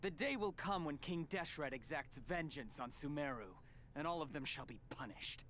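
An actor voices a scornful male mercenary in a video game, sneering at outsiders. His voice is on the high side with a fairly bright tone and a moderate pace, close to an everyday speaking voice, with slight background noise.

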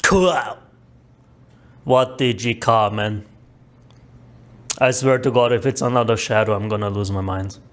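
A man streaming live and reacting to videos, excitable and profane, often stammering and restarting his sentences. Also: fairly low pitch, a little slow, pauses often.

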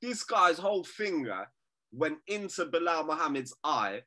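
A man's voice: a little slow, crowd noise. A man co-hosting a fight podcast, teasing and swearing freely in casual banter over a remote call. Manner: animated, teasing, swears freely, bursts into high laughs. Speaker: podcast co-host.

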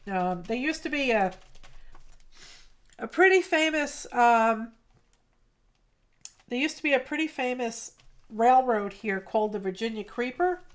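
A woman chats her way through a crafting livestream from her home studio, slightly high in pitch. She speaks in an unhurried, halting way and reads viewers' comments aloud between thoughts. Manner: slow, halting and heartfelt, reading chat aloud. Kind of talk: casual livestream chat while crafting.

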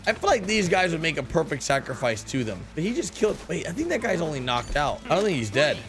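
A young man giving excitable gameplay commentary, calling out to his viewers and exclaiming at what he finds. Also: on the high side, fast talker, music in the background. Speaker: gaming YouTuber.

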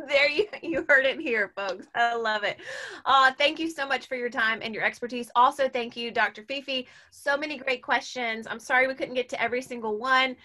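A woman hosting a parenting webinar, enthusiastic and quick to react, thanking guests and announcing the next session. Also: high voice, pushed and bright.

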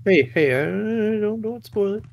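A man's voice: high voice, expressive, moderate pace. A man co-hosting a horror game stream, jumpy and joking, gasping at scares. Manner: jumpy and joking, gasps and reacts loudly. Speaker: co-host streamer. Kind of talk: casual let's play chat.

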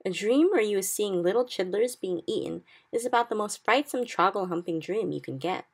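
A woman's voice: medium pitch, expressive, fairly quick, slightly rough, voice pushed up. A woman voicing a big friendly male giant who speaks in mangled grammar and invented words. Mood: gentle.

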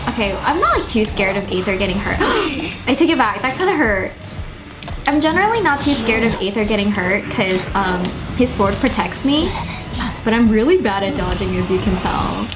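A young woman giving casual commentary while playing a video game, excitable and swearing, gasping and squealing when her characters are in danger. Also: medium pitch, normal speed. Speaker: gaming streamer. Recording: game music playing behind.

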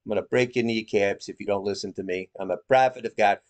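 A man's voice: lowish voice, steady tone, quick pace, natural voice. A man voicing a fiery, boastful New York woman prophet in a mocking impression, with a New York accent. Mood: brash. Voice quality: loud, boastful, threatening.

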